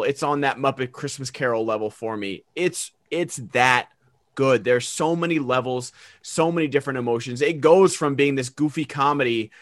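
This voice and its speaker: A man's voice: mid-range voice, fairly bright tone, no echo. A man co-hosting a podcast, gushing enthusiastically in casual movie chat over a remote call and acting out quoted lines. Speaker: podcast co-host.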